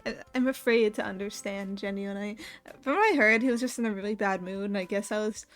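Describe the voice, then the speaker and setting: A young woman streamer chatting casually, telling a work story with frequent laughs and lively impressions of the people in it. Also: medium pitch, quick pace, faint music behind. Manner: laughs often while telling a story, animated quoting of others. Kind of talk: casual chat.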